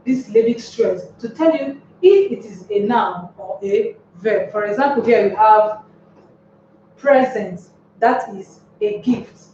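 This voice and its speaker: A woman teaching a grammar lesson, speaking slowly and deliberately and putting rhetorical questions to the class. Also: medium pitch, a little mellow. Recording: echoey room, distant mic, dull lo-fi sound with faint noise.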